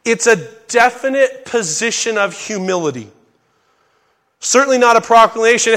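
A middle-aged male preacher with a fairly high voice teaches scripture in a relaxed, conversational way. He slips into folksy asides, then jumps into loud bursts when he acts out a line. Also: normal speed. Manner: animated, acts out characters' lines in sudden loud bursts. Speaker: pastor teaching a Bible study. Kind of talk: sermon.

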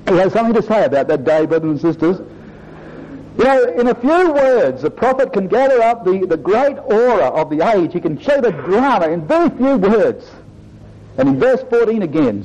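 A man's voice: a little high, dark tone. A man preaching a sermon to his congregation, earnest and emphatic, often addressing them as brothers and sisters. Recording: dull lo-fi recording.

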